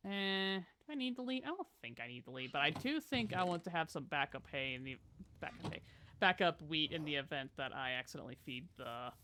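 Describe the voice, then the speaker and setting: Chatty, bright-voiced game streamer. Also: medium pitch, a little hiss or hum. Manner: chatty and playful, talking to chat and pet; bursts into loud exclamations. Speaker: live streamer. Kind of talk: casual gameplay chat.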